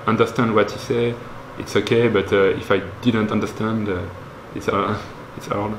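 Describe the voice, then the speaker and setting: Flat, low, halting man. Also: background noise. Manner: halting, searching for words. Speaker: interviewee.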